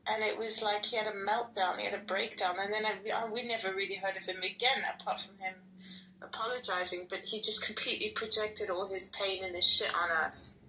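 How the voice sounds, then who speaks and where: A woman's voice: medium pitch, steady tone, brisk, bright, forceful tone, a little hiss or hum, rough recording. A woman in a casual chat, speaking candidly and chattily and swearing freely.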